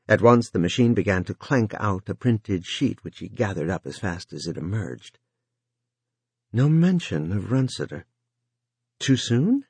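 A man narrating a novel in a measured, expressive reading. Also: lowish voice, slightly rough, dry recording. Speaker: audiobook narrator. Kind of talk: scripted narration.

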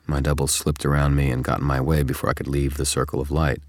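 Guy narrating an audiobook, super low voice, steady, dry. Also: quick pace, few pauses, no echo. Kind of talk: scripted first-person narration.

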